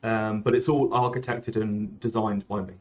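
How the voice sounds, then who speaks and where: A man's voice: fairly low pitch, fairly even intonation, normal speed, muffled recording. A man talking casually as a founder in an interview, rambling and correcting himself often. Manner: rambling, self-correcting, frequent "like" and "um". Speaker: app founder, guest.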